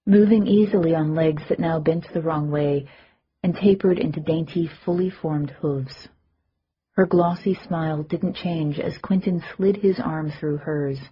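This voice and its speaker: A woman narrating an audiobook in the first person, in a calm, even storytelling manner. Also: sits low, a little hiss or hum. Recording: slightly muffled audio.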